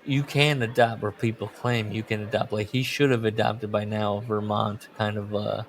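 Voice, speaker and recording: A man's voice: lowish voice, flat delivery, moderate pace. A man with a Midwestern accent hosting a podcast, rambling through questions and often laughing. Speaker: podcast host. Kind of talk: casual chat.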